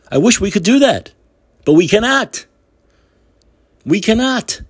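Indignant husky man ranting. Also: high-pitched, very animated, unhurried, long pauses. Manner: heated, indignant ranting with repeated phrases. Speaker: podcast host. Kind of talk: solo political commentary.

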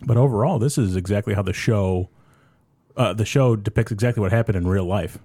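A man with a fairly low voice chats easily on a podcast, making fun of himself and swearing now and then. The mic is close and the room sounds dry. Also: brisk, dry recording. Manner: relaxed, self-deprecating, swears. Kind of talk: casual podcast chat.

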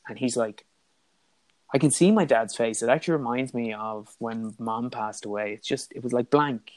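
Irish male guest, candid storyteller, stumbling restarts, mid pitch. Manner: candid, halting, with frequent restarts and quoted dialogue. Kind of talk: personal storytelling in an interview.

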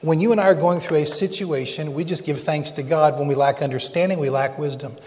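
Preaching man with a higher voice. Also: darkish tone, long reverb tail. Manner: earnest preaching, slows down to stress scripture. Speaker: pastor. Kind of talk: sermon.

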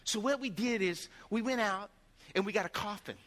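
In a large hall, a male pastor with a high-sitting voice preaches a sermon at normal speed. He tells stories with animation and acts out the voices of the people in them.

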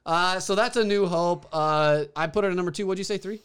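Young man, podcast co-host, casual chat, smooth voice, enthusiastic, lots of fillers. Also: high-pitched, fairly quick, a bit bright. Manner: enthusiastic, rambling with fillers and restarts.

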